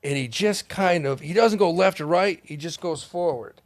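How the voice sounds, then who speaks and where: A man telling a long story as a podcast guest, animated and profane, laughing as he goes. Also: on the high side, moderate pace, no room sound, studio quality. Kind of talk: casual storytelling. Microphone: studio mic.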